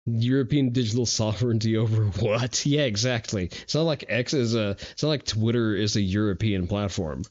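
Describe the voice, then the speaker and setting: A man's voice: fairly low pitch, normal speed, few pauses, muffled recording. An American man hosting a livestream, talking bluntly and profanely, with frequent fillers. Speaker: livestream host. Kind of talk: casual stream commentary.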